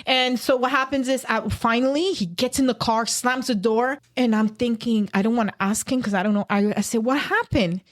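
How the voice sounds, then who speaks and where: A woman's voice: fairly high pitch, normal speed, hardly any pauses. A woman guest on a podcast telling a personal story with emotion, acting out the people she quotes. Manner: animated, acts out quoted voices.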